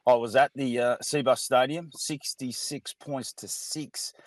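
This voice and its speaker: Man, Australian accent, sports radio co-host, mid-pitched voice, dry studio sound. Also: steady tone, no echo. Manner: measured, filler-heavy analysis.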